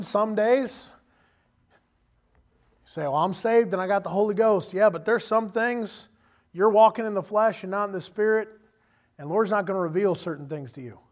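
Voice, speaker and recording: A preacher with a high-pitched voice gives a sermon, speaking to his congregation in a conversational, animated way. Along the way he slips into quoted voices.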